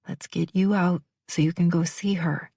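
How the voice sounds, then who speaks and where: This is a steady, gentle male firefighter, voiced by a woman narrator. He speaks softly and reassuringly in a low, mellow tone. The recording is close and dry. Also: normal speed, gravelly, breathy edge, no room sound. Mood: soothing. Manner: soothing, reassuring, soft-spoken.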